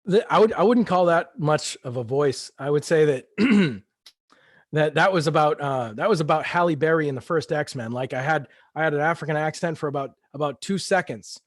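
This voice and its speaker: A man's voice: on the high side, normal speed, no echo. A man, a guest author, reading his own fiction aloud and then chatting in a casual, self-deprecating way from his home studio.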